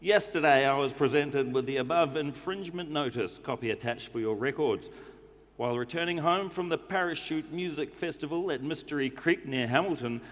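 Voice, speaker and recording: A man's voice: on the high side, fairly quick, big-room sound, pitched above the performer's own voice, natural voice. A man on stage voicing a prim, fussy New Zealand man who reads out a formal complaint letter. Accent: New Zealand (put on). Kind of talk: stand-up comedy reading. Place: comedy club stage.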